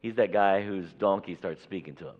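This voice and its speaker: A man's voice: low-pitched, brisk. Guy preaching a sermon in church, lots of emphasis, kinda dull lo-fi sound. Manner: emphatic preaching, acting out Bible dialogue. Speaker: pastor. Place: church sanctuary. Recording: echoey hall, dull lo-fi audio.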